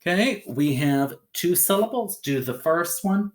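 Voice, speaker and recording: A man leads a phonics lesson for young learners at an unhurried pace. His pitch swings widely as he sounds out letters and throws in bright, rising "okay?" checks. He speaks close to the mic, as in a recorded video lesson. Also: wildly swooping pitch. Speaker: teacher.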